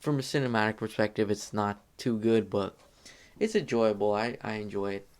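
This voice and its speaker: Young male vlogger, lowish voice, loose rambling review delivery with many fillers. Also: normal speed. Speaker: movie reviewer. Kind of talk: casual movie review.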